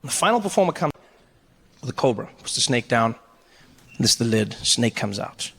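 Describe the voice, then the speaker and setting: A man in his forties telling a stand-up story, animated and self-mocking, acting out the scenes. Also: medium pitch, normal speed, husky. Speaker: stand-up comedian.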